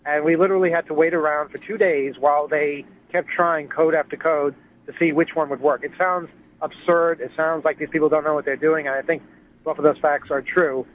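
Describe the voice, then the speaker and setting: A man's voice: on the high side, fairly even intonation, brisk, slight background noise. A man calling in to a radio show, rambling through a story with many fillers and restarts. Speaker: caller phoning in to a radio show. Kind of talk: casual phone chat. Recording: muffled cell phone line.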